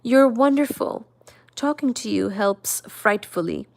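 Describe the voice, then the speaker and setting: A woman's voice: fairly high pitch, a little slow, gravelly, pitched above the performer's own voice. A woman voicing a troubled, apologetic young man in a novel read aloud, in an earnest, emotional manner. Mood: distraught.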